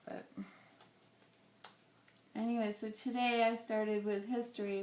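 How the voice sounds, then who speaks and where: Woman, casual crafting chat, rambling, slightly hoarse, roomy echo, faint background noise. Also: medium pitch, little pitch movement, slow pace, long pauses. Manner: chatty, rambling, thinks aloud with fillers. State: voice going a little hoarse. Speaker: scrapbooking vlogger.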